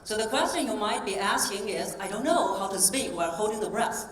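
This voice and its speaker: A woman voice coach giving a live stage talk, coaching the audience through breathing exercises in a clear, encouraging tone. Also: medium pitch, expressive, brisk. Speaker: voice coach and keynote speaker. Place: convention hall stage. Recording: roomy hall sound from a distance.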